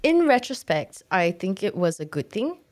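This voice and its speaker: A woman's voice: medium pitch, big pitch swings, moderate pace, a little mellow, no room sound, clean studio sound. A woman hosting an interview, asking thoughtful questions with hesitant fillers. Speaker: podcast host. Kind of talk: conversational interview.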